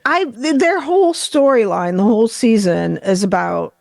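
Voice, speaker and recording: Chatty middle-aged woman with a lively voice. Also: a little high, normal speed, gravelly, dry recording, studio quality. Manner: chatty, rambling, swears freely. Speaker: podcast host. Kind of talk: casual chat.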